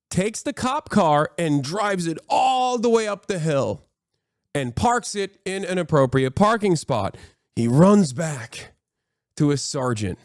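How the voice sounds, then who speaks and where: A man streaming, retelling a TV scene in casual, profane, animated commentary with many fillers. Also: a little high, dry recording, studio quality.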